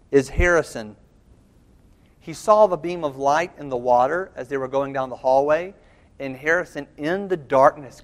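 A man preaching a sermon, telling a rescue story dramatically, swinging between quiet asides and loud, urgent lines. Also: mid-range voice, big-room sound.

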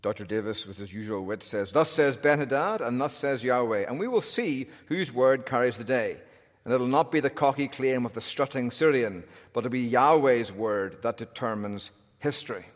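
A man's voice: medium pitch, animated, moderate pace. A man preaching an expository sermon, telling the story with wry humor and shifting emphasis. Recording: long hall reverb.

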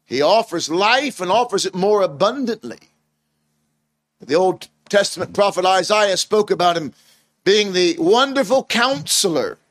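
Man, preacher, high voice, dry close sound, earnest emphatic sermon. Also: animated, a little slow, a bit bright, no echo.

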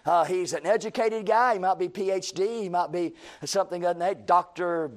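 A man's voice: sits high, brisk. A man preaching a sermon in a folksy, emphatic way, repeating phrases and quoting imagined critics.

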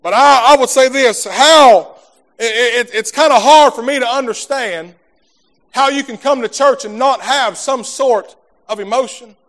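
A man's voice: very high-pitched, measured pace. A man preaching a sermon in a folksy, fervent way, stumbling over repeated words as he talks to his congregation. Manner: fervent preaching, swells from soft talk to shouting.

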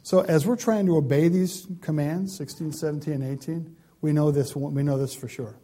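A man preaching a sermon, emphatic and building lists of words, dropping now and then to a quiet, pleading tone. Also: a little high, normal speed. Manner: emphatic, swings from loud stresses to quiet pleading; repeats words in lists for stress. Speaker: pastor.

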